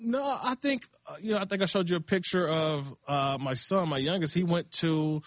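A man's voice: a little high, normal speed, no room sound. A middle-aged man filling in as a sports radio host, chatting casually and laughing, with loose restarts. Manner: laid-back, laughing, talks in loose restarts. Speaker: fill-in radio show host.

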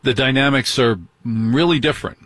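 Husky, indignant male talk radio host. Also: medium pitch, normal speed, fairly bright tone. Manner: indignant, fires off rhetorical questions.

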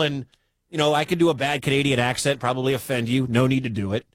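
A man's voice: medium pitch, fairly even intonation, quick pace, dry recording. A man from the Midwestern US hosting a sports talk radio show, chatty and incredulous.

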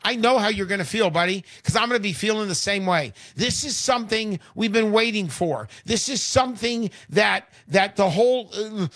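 A man hosting a call-in radio show, pitching in a brash, repetitive salesman style. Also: a bit bright, dry recording, studio quality.

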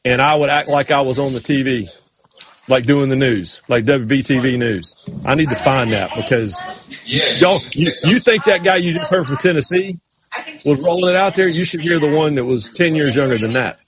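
A man's voice: medium pitch, muffled recording, crowd noise. A man with a Southern US accent, co-hosting a radio show and telling stories in casual banter. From North Carolina, US South. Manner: animated, storytelling, quick asides.

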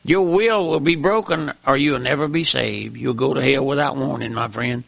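An older man preaching a fiery sermon, with impassioned, repetitive emphatic calls and a gravelly voice. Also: medium pitch, normal speed, a bit bright, dry recording.

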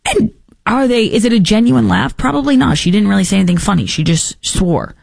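A woman's voice: mid-range voice, expressive, fairly quick, creaky, a little mellow, slightly rough, no echo, clean studio sound. A woman hosting a political talk show, giving opinionated commentary with sarcastic asides and mocking put-on quotes. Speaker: podcast host.

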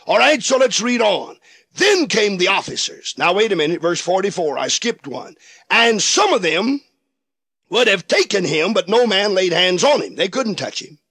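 A high-pitched man preaches in a dry, close recording. He has an old-fashioned preacher's cadence and stretches out his emphatic phrases. He acts out the voices of the people in the passages he quotes. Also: sing-song, normal speed, pushed and bright, slightly rough, no room sound. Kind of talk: sermon.

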